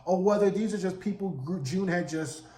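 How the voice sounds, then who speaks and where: A man in his forties giving a sassy, animated casual recap of a TV episode, acting out the characters' lines. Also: sits high, fairly quick. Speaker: TV recap vlogger. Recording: roomy echo.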